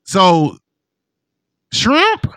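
A man hosting a casual chat, telling profane, animated stories and acting out what people said. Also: sits high, extremely slow, clean tone, dry recording. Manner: animated, profane storytelling with put-on quotes. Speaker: podcast host.

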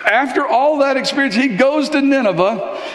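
A man preaching a sermon in a church, telling Bible stories in an animated, conversational way. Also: extremely high pitch, normal speed. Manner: animated storytelling, acting out Bible characters. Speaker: pastor. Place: church hall. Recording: echoey hall reverb.

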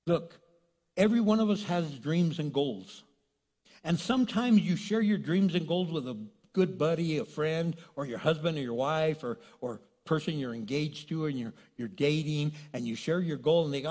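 Lively preacher guy, husky voice, joking around, long church-hall echo. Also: a little high, normal speed. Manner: animated, joking, acts out quoted voices. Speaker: pastor. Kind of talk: sermon.

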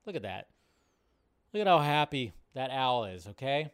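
A man hosting a live show in casual commentary, rambling between low mumbles and loud excited outbursts. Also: normal speed, clean tone. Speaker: show host.

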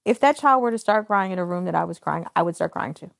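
A woman's voice: fairly low pitch, quick pace, gravelly, no echo. Woman podcast co-host, casual chat, storytelling, acts out voices, dry close sound. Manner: animated storyteller, acts out dialogue.

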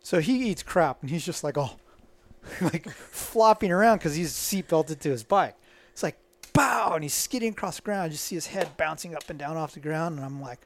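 A middle-aged man, a guest, telling stories in a casual, animated way and acting out the voices of people in them. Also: a little high, no room sound. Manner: animated, acts out quoted dialogue. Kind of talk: casual storytelling.

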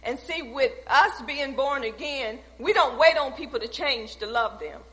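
A woman's voice: high voice, measured pace, a bit bright. A woman preacher delivering a sermon, building emphatic, repetitive lines. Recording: echoey hall.

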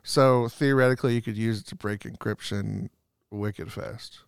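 A man in a casual podcast chat, animated and eager to explain. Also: lowish voice, normal speed, vocal fry, smooth, no room sound, studio quality. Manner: animated, explains eagerly, does silly voices.

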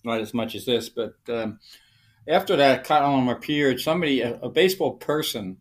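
Low-key male podcast host. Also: normal speed. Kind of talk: casual interview chat.

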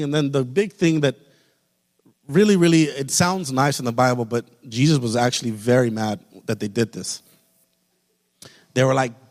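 A man preaching a sermon as pastor, building to loud, fervent peaks and then dropping soft. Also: medium pitch, moderate pace. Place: church sanctuary. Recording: long reverb of a large hall.

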